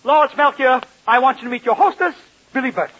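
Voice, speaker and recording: A man hosting a 1940s radio comedy, excitable and wisecracking. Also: extremely high pitch, husky. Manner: fast-talking, excitable, wisecracking. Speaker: comedy show host. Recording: muffled old radio broadcast, studio audience.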